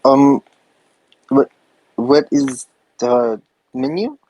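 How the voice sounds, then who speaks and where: A man's voice: mid-range voice, big pitch swings, drawn-out words, mellow, rough recording. Hesitant man tabletop player. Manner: hesitant, thinking aloud. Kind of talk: playing a tabletop game.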